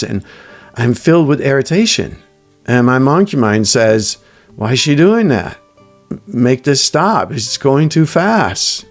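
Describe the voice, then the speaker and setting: A man giving a reflective self-help talk, telling everyday stories in a thoughtful, halting way. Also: mid-range voice. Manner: thoughtful, halting, with restarts and quoted inner voice. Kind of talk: reflective solo talk with anecdotes.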